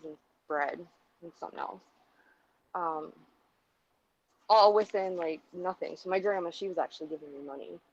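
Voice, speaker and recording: Woman vlogger, gravelly with vocal fry, heated and profane storytelling, muffled lo-fi audio. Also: lowish voice. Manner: heated, profane, rambling with many fillers. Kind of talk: casual storytelling rant.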